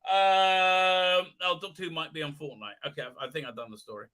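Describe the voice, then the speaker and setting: A man's voice: a little high, steady tone, a little fast, sharp tone. A man hosting a live stream, chatting casually in a rambling, sarcastic and self-mockingly grumpy way, swearing freely.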